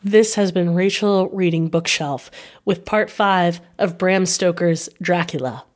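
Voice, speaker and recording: A woman reading a classic novel aloud as an audiobook reader, in a steady, measured voice. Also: lowish voice.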